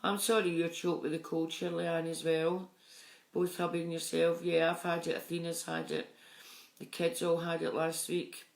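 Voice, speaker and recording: A middle-aged woman, chatting on a live stream and warmly greeting viewers by name. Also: fairly low pitch, level tone, normal speed, vocal fry. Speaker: psychic medium streaming live. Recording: echoey room sound.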